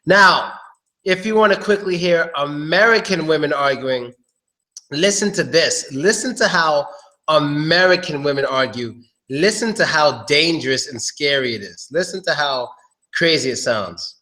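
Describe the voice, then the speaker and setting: A man hosts a casual live-stream lesson on English pronunciation. His voice sits a little high, and he chats and jokes straight to his viewers. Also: lively intonation, measured pace, bright, forceful tone. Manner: chatty, joking, talks straight to viewers.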